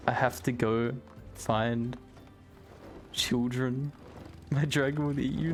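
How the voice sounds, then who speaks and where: A man casually chatting to himself and his chat while playing a game, excitable and prone to swearing. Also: mid-range voice, slow pace, pauses often, soft background music. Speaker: streamer.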